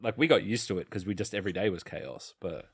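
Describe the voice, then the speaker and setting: A man, telling gaming stories on a podcast in a casual, animated way, often swearing and acting out other people's lines. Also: low-pitched, fast talker, crowd noise. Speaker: podcast co-host. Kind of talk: casual chat.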